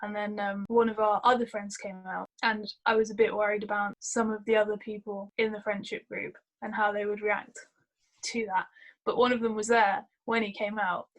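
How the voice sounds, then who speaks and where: A woman's voice: medium pitch, level tone, normal speed, rough recording. A woman in her twenties chatting about a film over a video call, telling stories with asides. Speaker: film reviewer. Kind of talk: casual film review chat. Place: home during lockdown.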